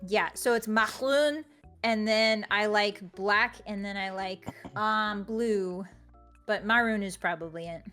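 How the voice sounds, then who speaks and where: A woman's voice: medium pitch, fairly bright tone, soft background music. Goofy woman joking on a livestream. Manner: goofy, joking, quick with bits. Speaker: author guest. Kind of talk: casual livestream interview.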